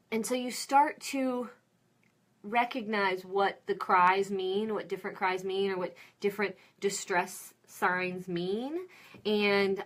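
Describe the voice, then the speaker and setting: A woman's voice: mid-range voice, fairly bright tone. A woman in her thirties giving an informal lecture on caring for infants, talking in a conversational, encouraging way with plenty of fillers. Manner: conversational, encouraging, with fillers and acted baby-talk asides. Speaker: lecturer on child development.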